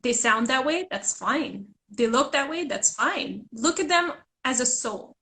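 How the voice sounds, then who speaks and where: Earnest woman guest, high-ish voice, American accent with faint Indian traces, restarts sentences. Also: animated, a little slow, pushed and bright. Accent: American with slight Indian hints. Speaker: guest, journalist and author. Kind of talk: casual conversation.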